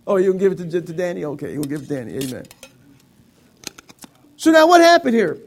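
A man preaches with a high, gravelly voice that has some fry in it. He is playful and teasing, slipping into put-on voices of reluctant givers to make his point. His delivery swings between lively emphasis and quieter asides. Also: fast talker. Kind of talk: sermon with a live object lesson.

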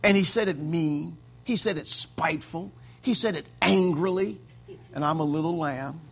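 A man's voice: on the high side, a little slow, gravelly, husky. A male pastor preaching a conversational sermon to his congregation, punctuating his points with "amen" and light chuckles. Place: church service with congregation.

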